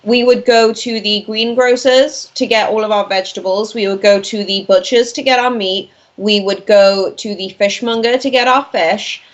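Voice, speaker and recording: A woman's voice: mid-range voice, normal speed, hardly any pauses, dull audio. A woman in her twenties, raised in Wales, chatting as a guest on a talk-radio interview with lots of "like" fillers. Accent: Welsh-born, speaking with an American-leaning accent. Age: 20s. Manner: chatty, animated, many "like" fillers. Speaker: guest commentator.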